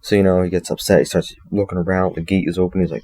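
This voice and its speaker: A man reviews a story in a casual, rambling way, reading passages aloud and breaking off for joking asides and self-corrections. His voice is low and dark, level in tone, and he talks at a quick pace.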